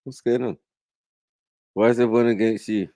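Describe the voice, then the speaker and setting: A man's voice: mid-range voice, fairly even intonation, normal speed, dark tone, dry recording. A man commenting casually on a livestream, slangy and dismissive. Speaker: stream host.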